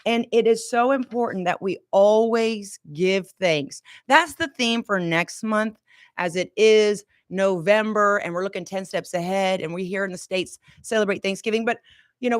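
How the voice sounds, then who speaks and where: A woman hosting a motivational live stream, speaking with high energy to her viewers and coaxing them to repeat affirmations out loud. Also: normal speed, no echo, studio quality. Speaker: motivational host.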